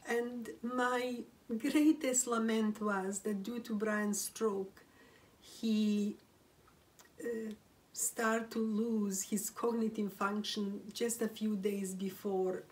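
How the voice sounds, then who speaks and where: Grieving woman speaking slowly, distant mic. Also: mid-range voice, steady tone, a little mellow. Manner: halting, with frequent restarts and whispered phrases. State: grieving, close to tears. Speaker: widow telling a personal story. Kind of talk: emotional first-person storytelling. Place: room at home, seated.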